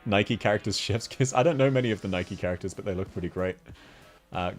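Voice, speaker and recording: A man's voice: on the low side, quick pace. Aussie guy chatting on stream, laughs a lot, faint music behind. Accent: Australian. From Australia. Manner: chatty, laughs often, reads chat aloud. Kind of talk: casual live-stream chat.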